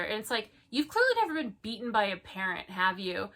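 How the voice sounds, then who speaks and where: A woman's voice: medium pitch, animated, normal speed, sharp tone, slight background noise. A young woman co-hosting a casual chat, reading bad reviews aloud with sarcastic, mock-indignant remarks.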